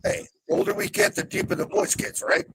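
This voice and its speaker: A man's voice: steady tone, a little fast, creaky, slight background noise. A middle-aged man bantering casually on a live stream, joking and swearing. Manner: swearing, joking, wild pitch jumps.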